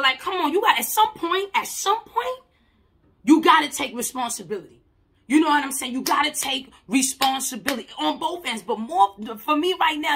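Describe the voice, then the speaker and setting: A woman who works in mental health shares a personal story in a casual, blunt way. Her voice sits a little high, with a bright, forceful edge and a husky grain. She repeats herself for emphasis, swears freely, and swings from loud to hushed.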